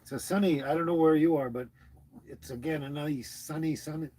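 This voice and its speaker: A man's voice: on the high side, fairly even intonation, normal speed, mellow. A man hosting a casual livestream, rambling and chuckling as he greets viewers by name and talks to his dog. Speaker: livestream host.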